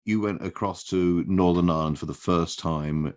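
A man who hosts a podcast and interviews his guest. His voice is very deep. He stumbles through his questions, hesitating and repeating words. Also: fairly even intonation, darkish tone. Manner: halting, with many repeated words.

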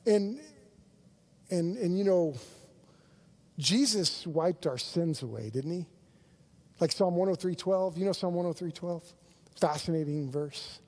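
A man's voice: high voice, a little slow, pauses often, darkish tone. A male pastor preaching a sermon, earnest, with frequent restarts and sudden swells of intensity.

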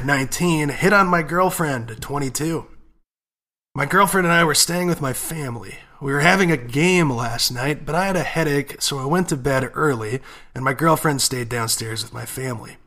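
A man co-hosting a casual podcast, reading a listener's letter aloud and reacting with animated, profane outrage. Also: on the high side, normal speed. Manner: animated, swears freely, reads letters aloud. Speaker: podcast co-host.

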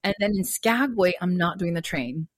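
Playful low-voiced woman podcaster. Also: animated, moderate pace, no room sound, studio quality. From Los Angeles, United States. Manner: playful, dramatic, emphatic. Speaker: podcast co-host, travel advisor. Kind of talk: casual chat.

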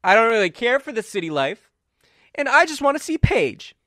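A man voicing a sulky, lovesick young man who whines in a high, pleading voice. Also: sing-song, normal speed, pushed and bright, no echo, clean studio sound, full character voice. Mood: whiny, lovesick. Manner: whiny, rising high pleading.

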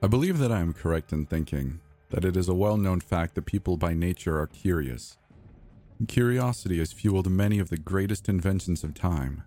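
A first-person horror tale is told by a man whose voice is very deep and low. His pacing is slow and deliberate, with quiet music faintly in the background.

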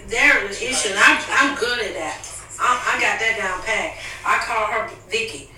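A woman's voice: on the high side, moderate pace, sharp tone, a little hiss or hum. A woman in a family conversation, giving emphatic, preachy advice. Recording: echoey room, mic at a distance.

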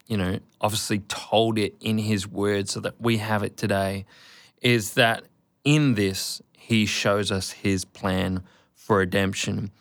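A man hosting a faith conversation, calm and affirming, with frequent fillers as he talks. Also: fairly low pitch, no echo, studio quality.

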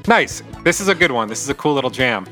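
A man's voice: mid-range voice, animated, fast talker, pushed and bright. A man co-hosting a casual music podcast, talking in a thoughtful, analytical way. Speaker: podcast co-host.

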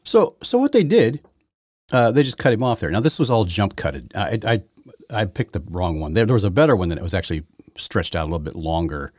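Deep-voiced, sarcastic male podcast host. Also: animated, fast, darkish tone, dry recording, clean studio sound. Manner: sarcastic, rambling, repeats words often. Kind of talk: opinionated political commentary.

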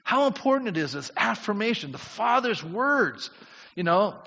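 High-voiced preacher man in a reverberant church. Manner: animated, rising to near shouts when preaching. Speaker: pastor. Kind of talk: sermon. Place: church sanctuary. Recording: muffled church recording with long reverb.

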